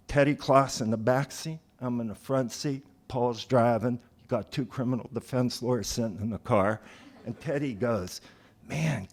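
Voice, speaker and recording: Casual male storyteller on stage. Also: medium pitch. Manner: casual, conversational, quick asides. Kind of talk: live storytelling. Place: theater stage.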